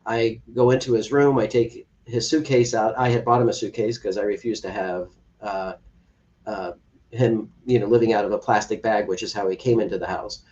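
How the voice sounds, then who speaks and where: He's a guest on a podcast, an adoptive father speaking at normal speed in a lowish, steady, somewhat mellow voice. He tells his personal story earnestly and acts out the dialogue, captured in distant, dull-sounding audio.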